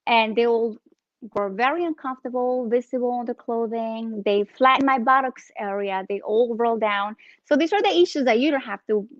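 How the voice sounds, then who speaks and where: A woman in her thirties with a Spanish accent, an entrepreneur guest telling her story with animated energy in a casual interview. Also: a little high, normal speed, dry recording, lo-fi sound. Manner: animated, acts out phone calls in her story.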